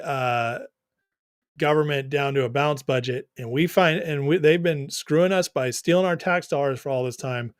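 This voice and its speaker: A man's voice: a little high, no echo, clean studio sound. A young man hosting a political livestream, reading viewer comments and giving his opinions in a casual, conversational way.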